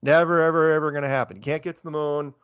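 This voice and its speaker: A man, a guest in a casual interview, talking in an animated, rambling way and getting worked up. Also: a little high, rapid-fire, smooth, dry recording. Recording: dull lo-fi, dry sound.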